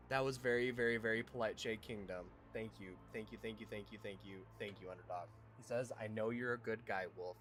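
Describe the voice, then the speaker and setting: A man streaming a game live, chatting affectionately and excitably with his viewers and reacting loudly to the action. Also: lowish voice. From Utah, US. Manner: excitable, affectionate, talks to chat. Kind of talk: casual gameplay livestream chat.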